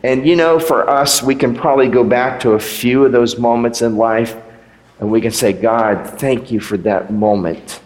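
A man's voice: mid-range voice, fairly even intonation, moderate pace, darkish tone. A man preaching a sermon as pastor, in a conversational way with rhetorical questions. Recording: echoey hall with long reverb.

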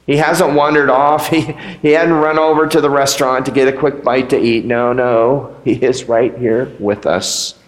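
A man preaching a sermon as pastor, animated, with rising emphasis and rhetorical questions. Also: mid-range voice, normal speed, hardly any pauses. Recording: echoey hall.

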